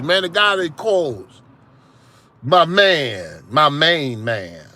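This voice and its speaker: A man's voice: mid-range voice, very animated, slow, bright, forceful tone. A man hosting a call-in show, joking and laughing through casual phone banter.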